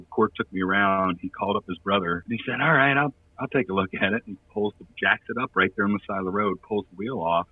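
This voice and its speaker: A man's voice: on the low side, husky, recorded from a distance, phone-quality sound. A man who plays in a touring band telling a long, rambling anecdote in casual chat, laughing often and using lots of fillers.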